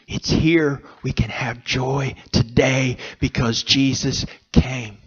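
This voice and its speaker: A man preaching a sermon in a church, speaking slowly and earnestly with pauses between phrases. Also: mid-range voice, breathy edge, highs cut off. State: emotional, choked up. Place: church sanctuary.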